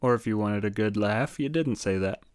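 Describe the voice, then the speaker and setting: Deadpan joking man, dry close sound. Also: on the low side, moderate pace, no room sound. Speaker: podcast co-host. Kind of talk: casual history podcast chat.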